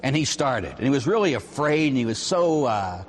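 A man, a Catholic priest, preaching a sermon with animated, emphatic storytelling. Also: medium pitch, normal speed, big-room sound, slight background noise.

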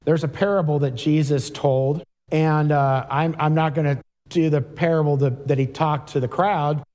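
A man's voice: a little high, steady tone, normal speed, darkish tone. A man preaching a sermon in a conversational way, reading scripture aloud and breaking in with asides. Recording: long hall reverb.

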